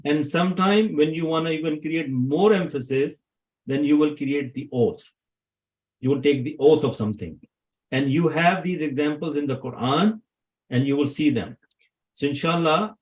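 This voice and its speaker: A man's voice: a little high, poor audio. A man teaching Arabic grammar to a class, often asking his students questions to check they follow.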